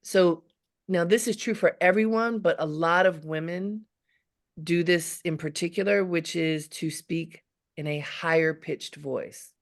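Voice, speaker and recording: A woman leadership coach giving measured, emphatic advice in a live webinar, speaking from deep in her chest. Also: fairly even intonation. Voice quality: grounded low voice. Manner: measured, emphatic, repeats key phrases.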